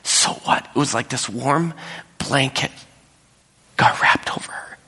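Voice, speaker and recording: A man's voice: a little slow, bright, forceful tone, slightly rough. Man preaching in an echoey hall. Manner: storytelling, drops to whispers and rises high when quoting others. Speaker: pastor. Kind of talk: sermon. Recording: echoey hall with long reverb.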